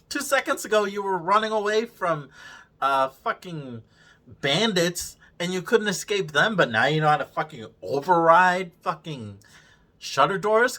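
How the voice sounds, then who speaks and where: A man rants through a review, swearing freely and heavy with sarcasm. His voice sits a bit high and sounds sharp and forceful. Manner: profane, sarcastic, exasperated. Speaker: show host reviewing a series. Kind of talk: casual ranting review.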